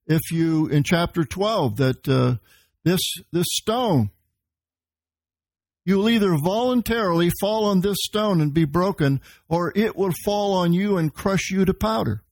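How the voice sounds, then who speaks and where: A man preaching a verse-by-verse sermon. His voice sits a little high, and he explains the Greek words behind each passage. The sound is close and dry, with almost no room around it. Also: unhurried, a little mellow, no room sound. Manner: teaching, quoting scripture and Greek words. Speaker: pastor.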